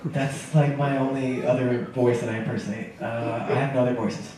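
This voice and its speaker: A man's voice: mid-range voice, fairly even intonation, moderate pace, noisy background. A man hosting a comedy night, bantering with the crowd in a self-mocking way. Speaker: comedy show host. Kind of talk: stand-up emceeing. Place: comedy club stage. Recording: echoey club taped from far off, audible crowd.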